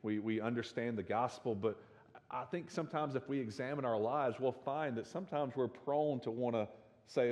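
A man's voice: mid-range voice, normal speed, a little mellow, long reverb tail. A man with a Southern drawl preaching a sermon as pastor, earnest and building in force, with many restarts. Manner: earnest, repeats words when restarting, rises in force at climaxes.

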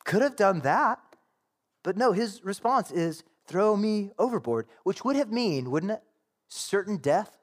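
A man's voice: high voice, expressive, a little slow. A man preaching a sermon in a conversational way, acting out quotes and asking the congregation rhetorical questions. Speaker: pastor.

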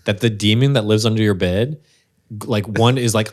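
A man's voice: on the low side, normal speed. A man hosting a podcast in a playful, joking way, swearing freely. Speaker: podcast host. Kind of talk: casual chat.

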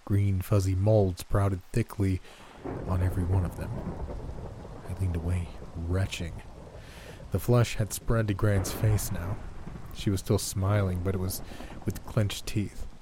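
A man reading a horror story aloud in a slow, tense, dramatic way. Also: low-pitched, steady tone, very noisy. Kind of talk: scripted narration.

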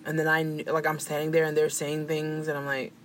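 A woman in casual gossip chat, animated and profane, often acting out quoted voices. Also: deep voice, brisk, slight background noise.

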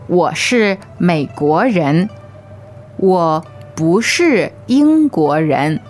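A woman modelling phrases slowly and clearly as a co-teacher in a podcast lesson. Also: fairly low pitch, animated, a little mellow, faint music behind. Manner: slow, clearly enunciated. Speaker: language teacher. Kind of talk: slow model pronunciation.

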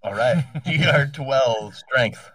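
A man's voice: mid-range voice, slow, fairly bright tone, slightly rough, no echo, far from the mic. Rambling man running a tabletop game. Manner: rambling, self-correcting, laughs often. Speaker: game master.

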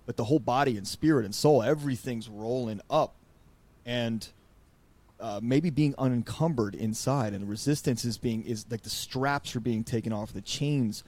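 A man hosting a podcast, talking in a rambling, animated way and acting out quotes. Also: mid-range voice, normal speed. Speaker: podcast host. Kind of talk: casual podcast conversation.

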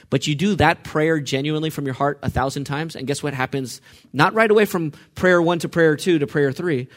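This sermon on the Psalms comes from a man whose voice leans high. He alternates hushed scripture reading with loud, emphatic outbursts and questions aimed at his listeners.

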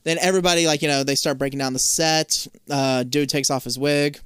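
A man's voice: a little high, steady tone, a little fast, a bit bright, smooth, no room sound, studio quality. A man casually recapping a TV episode on a podcast, swearing freely and rambling as he loses track of names. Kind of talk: casual profane podcast chat.

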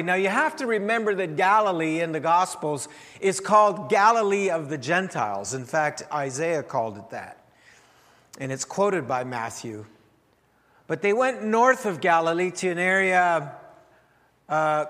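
Male pastor, sermon, higher voice, storytelling with dry jokes, long hall echo. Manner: storytelling, wry humor, rises and drops in loudness.

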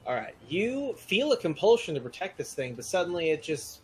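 A man narrating as game master in a relaxed, chatty way, with frequent fillers. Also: sits high, a little fast, faint music behind, poor audio.

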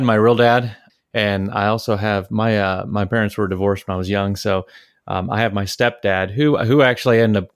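A man from Detroit tells family stories on a podcast, with a low voice and a gravelly edge. He rambles casually, circling back with fillers and restarts. The recording is close and dry, with no room sound. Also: no echo. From Detroit, Michigan, USA. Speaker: podcast co-host, father. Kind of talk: casual storytelling chat.

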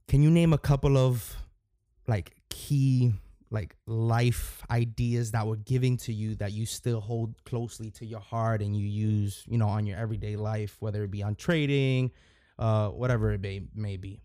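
A man's voice: lowish voice, moderate pace, no room sound. Man, podcast host, casual rambling chat, fillers, dry close mic. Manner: relaxed and rambling, many fillers and restarts.

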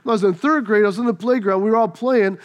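High-voiced, animated male preacher. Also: fast. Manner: animated storyteller, acts out the voices in his story. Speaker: pastor. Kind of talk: sermon with a personal story.

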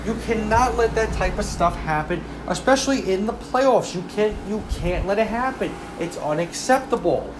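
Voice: medium pitch, expressive, moderate pace, hardly any pauses, background noise. A hockey fan giving a casual, passionate game recap, rambling with lots of "like" and repeating complaints heatedly. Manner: heated ranting, repeats demands.

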